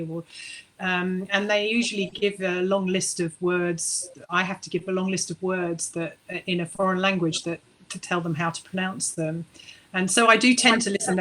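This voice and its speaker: A woman's voice: lowish voice, a bit bright, low-quality recording. A woman author chatting on a panel over a video call, with frequent restarts and fillers. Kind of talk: casual panel discussion.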